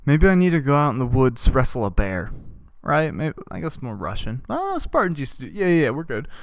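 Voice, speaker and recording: A young man rambles through a deadpan comic monologue, tossing in "right?" after nearly every thought. His voice is smooth and resonant, recorded close and dry with no room sound. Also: medium pitch, brisk, no room sound. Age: young adult. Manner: deadpan, absurd, with many "right?" asides. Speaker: podcast host.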